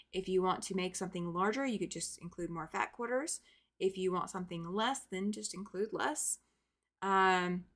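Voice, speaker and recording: A woman hosts a live stream in a casual, chatty way. She talks loosely and upbeat at a middle pitch, greeting viewers by name as she goes. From American South. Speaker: quilting livestream host.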